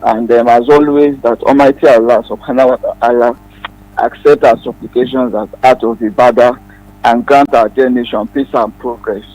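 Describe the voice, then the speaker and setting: A man's voice: medium pitch, steady tone, moderate pace, a little mellow, poor audio. A man with a Nigerian accent calling a radio show, speaking earnestly with many hesitations. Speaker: caller. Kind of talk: phone-in call on radio.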